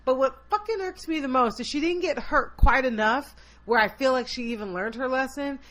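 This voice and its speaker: A woman with a bright, forward voice co-hosts a casual podcast. She tells her stories with animated, profane energy. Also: sits high, fairly quick. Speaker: podcast co-host. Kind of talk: casual chat.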